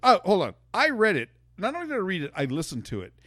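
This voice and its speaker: A man's voice: high-pitched, wildly swooping pitch, quick pace, a bit bright, no room sound, clean studio sound. A man hosting a podcast, debating casually, stammering through restarts and swearing as he gets worked up. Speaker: podcast host.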